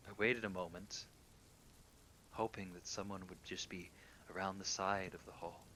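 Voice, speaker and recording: A man calmly reading true horror stories aloud, sometimes dropping to a hushed near-whisper. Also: moderate pace, a little hiss or hum. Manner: calm, low-key reading that drops into hushed near-whispers. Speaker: horror story reader.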